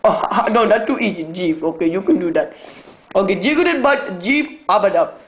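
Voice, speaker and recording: A young man voicing a fussy immigrant father who speaks in a very high, insistent voice and broken English. He pleads and repeats himself without letting up. The sound is tinny and phone-like, with a faint hiss. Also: lively intonation, fairly quick. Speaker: prank caller.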